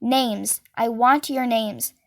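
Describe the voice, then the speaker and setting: A woman voicing a menacing male biker gang leader who speaks in short, quiet threats. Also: on the high side, fairly even intonation, takes it slowly, gravelly, heavily acted. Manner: quiet and threatening, clipped questions.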